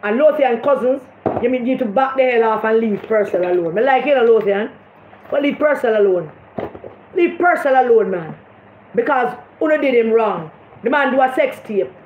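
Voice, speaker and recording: A woman's voice: on the high side, lively intonation, moderate pace, slight background noise. A woman with a Jamaican accent giving blunt, mocking political commentary in a casual vlog, slipping into patois. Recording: roomy, slightly dull recording.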